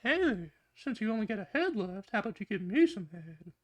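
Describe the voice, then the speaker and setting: A man's voice: sits high, sing-song, fairly quick, pitched above the performer's own voice. A man voicing a sleazy, creepy man in a cartoonish story retelling, in a sinister, suggestive tone. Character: creepy leering lunch-room man, sleazy.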